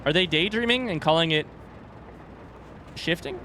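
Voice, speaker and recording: A man's voice: a little high, expressive, moderate pace, background noise. A young man casually chatting and joking while playing through a game. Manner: chatty, joking, yelps when startled. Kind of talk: casual gameplay commentary.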